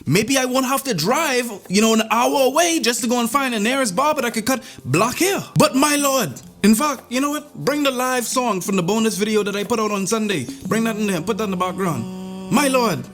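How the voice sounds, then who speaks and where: High-voiced man telling a funny story. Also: fairly quick, faint music behind. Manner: animated, rambling, with playful asides. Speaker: vlogger. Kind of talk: comedic storytelling.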